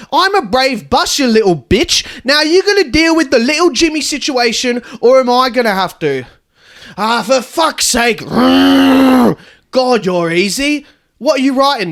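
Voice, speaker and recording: A man's voice: very high-pitched, a bit bright, full character voice. A man voicing a blind, foul-mouthed female bus tour guide in a comedic storytelling podcast. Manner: swings from chirpy guide patter to furious swearing.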